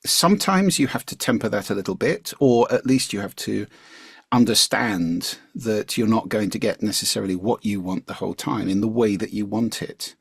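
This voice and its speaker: A man being interviewed as a communication coach, explaining his points in an articulate, measured way. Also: lowish voice, lively intonation, creaky, husky, dry recording, clean studio sound. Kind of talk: interview conversation.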